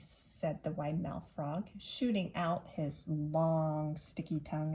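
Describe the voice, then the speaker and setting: A woman teacher reading a children's picture book aloud, expressive and pausing to point out the pictures. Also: sits low, slight background noise. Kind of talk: children's story read-aloud.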